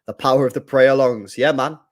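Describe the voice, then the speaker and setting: A casual, chatty man talks through a live football match for his stream. He is slangy and loose, reads messages from chat, and gets loud and excited when chances come. His pitch sits in an ordinary middle range for a man. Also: brisk. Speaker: streamer hosting a live match watch-along. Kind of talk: live football watch-along commentary, reading chat.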